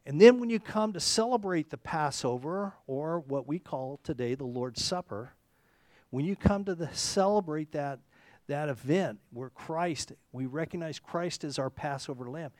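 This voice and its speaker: A man's voice: a little high, lively intonation, normal speed, no room sound. A man preaching a conversational sermon, rambling and correcting himself, often checking in with "okay?". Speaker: pastor.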